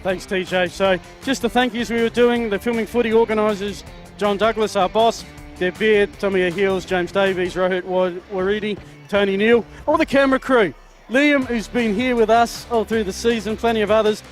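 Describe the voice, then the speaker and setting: A man calling a local football broadcast as play-by-play commentator, speaking in a measured way. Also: high voice, steady tone, soft background music. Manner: measured, listing thank-yous.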